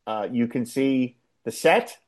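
A man in casual conversation, rambling and animated as he recaps a television episode, with frequent restarts. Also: medium pitch, slow. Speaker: podcast co-host. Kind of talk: casual chat.

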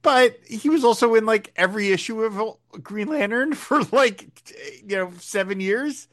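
A man's voice: sits high, normal speed, fairly bright tone. A man co-hosts a casual podcast, talking in a loose, conversational way. He has a wry touch and works his explanations in through side remarks. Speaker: podcast co-host.

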